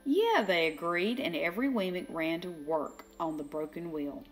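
An older woman reading a children's storybook aloud, slow and expressive, giving the characters their own voices. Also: lowish voice, soft background music. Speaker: children's book reader.

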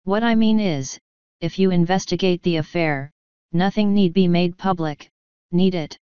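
A nervous young man from an audiobook , read by a woman fumbles and restarts his words. The voice is low and smooth. The recording is dry and slightly muffled. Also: dry recording, lightly acted. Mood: hesitant. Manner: hesitant, halting. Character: anxious young male actor, hesitant.

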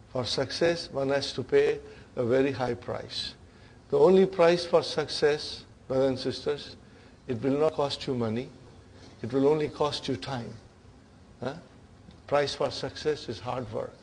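With a mid-range voice, some vocal fry and a little hiss or hum in the recording, a man teaches an Arabic grammar class. He explains terms in English, addresses students as brothers and sisters, and keeps asking "huh?" and "okay?"

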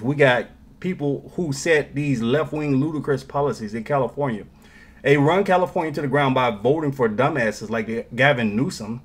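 A man's voice: medium pitch, normal speed. A man giving heated, opinionated political commentary, mocking the other side and swinging his delivery for emphasis.

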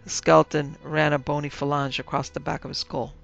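A man narrating a comic horror story in an even, measured storytelling manner. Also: fairly high pitch, vocal fry. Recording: dull lo-fi with faint music.

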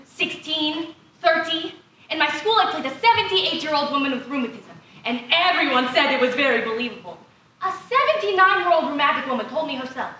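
A woman's voice: high-pitched, expressive, a little fast, sharp tone, slight background noise. A young woman playing an eager, flustered young actress rambling through an audition on a school stage. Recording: echoey stage heard from far off.

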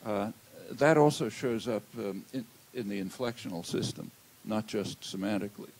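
An older man giving an academic lecture in a lecture hall, measured and halting, with many "uh" fillers. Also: on the low side. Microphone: handheld or lectern mic.

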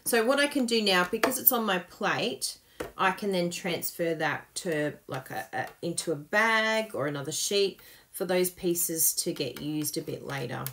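A woman's voice: fairly low pitch, measured pace, a bit bright, a little hiss or hum. A woman hosting a live papercraft tutorial, chatty and self-mocking, laughing often and gushing over her work as she demonstrates.

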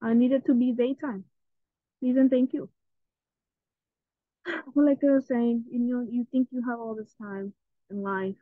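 A woman's voice: a little high, steady tone, a little slow, pauses often, no room sound. A woman chatting casually through her gameplay as a channel host, easily spooked and often repeating herself. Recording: tinny phone-like sound.

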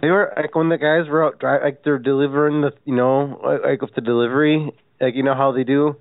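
A man's voice: mid-range voice, steady tone, no echo. Rambling man on a tinny phone line. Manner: rambling, halting, fills every pause with "like". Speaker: prank caller. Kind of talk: prank phone call.

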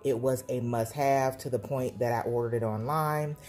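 A woman's voice: very deep voice, fairly even intonation, normal speed, a little mellow, faint music behind. A woman gushing through a casual sticker book review for her planner channel at home. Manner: gushing, enthusiastic, repeats praise. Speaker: planner vlogger.

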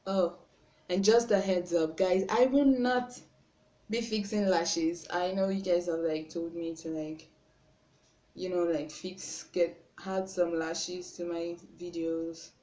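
A young woman with a Nigerian accent chatting through a makeup tutorial at home, self-conscious and often trailing off softly. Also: on the low side, steady tone, slow pace. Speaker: beauty vlogger. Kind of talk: casual makeup tutorial chat. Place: room at home. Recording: roomy with faint background noise.

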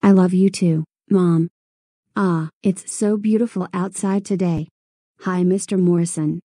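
Woman doing a sweet cheerful cartoon girl, low and dark, husky. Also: steady tone, measured pace, no room sound, clean studio sound.

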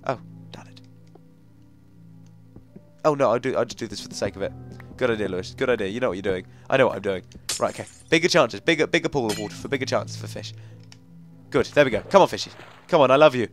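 A young man commentating a video game as he plays, chatting to himself, coaxing and easily frustrated, with sudden bursts of excitement. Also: medium pitch, quick pace, long pauses, faint music behind. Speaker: gaming commentator. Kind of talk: let's play commentary.

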